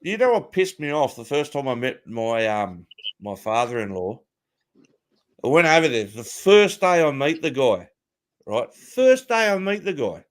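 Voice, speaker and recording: A man's voice: mid-range voice, a little slow. A man from Britain, swearing freely while telling stories in a casual chat. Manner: swears freely, animated storytelling.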